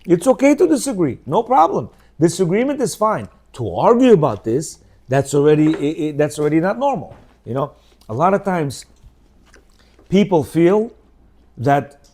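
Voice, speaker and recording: A man's voice: a little high, very animated, normal speed, darkish tone. A middle-aged man giving an informal religious lecture, conversational and often checking in with his listeners. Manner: conversational, keeps checking in with "yeah?" and "you know"; acts out quoted speech in shifting voices. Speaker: religious teacher.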